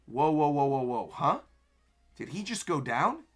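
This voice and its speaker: A young man reacting live to a manga chapter, narrating the panels and breaking into excited exclamations. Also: on the high side, a little slow, soft background music. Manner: narrates panels while reading aloud. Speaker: anime streamer.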